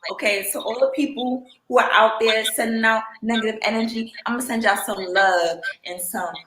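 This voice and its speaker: A woman hosting a live stream, energetic and cheering with call-and-response. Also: on the high side, normal speed. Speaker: livestream host. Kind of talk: casual live-stream chat. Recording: echoey room with noise.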